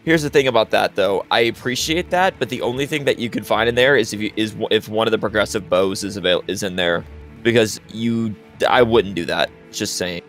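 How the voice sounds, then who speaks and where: A man's voice: on the low side, brisk, fairly bright tone, soft background music. A man commentating a live speedrun race, explaining strategy at length and calling out misplays. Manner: explanatory, opinionated, frequent restarts.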